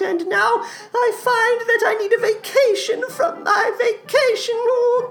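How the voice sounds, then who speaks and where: A woman voicing a creepy, childlike male creature who is whimsical and morbid, giggling and tearful in a slow, drawn-out comedic sketch. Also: very high voice, pitched above the performer's own voice, full character voice.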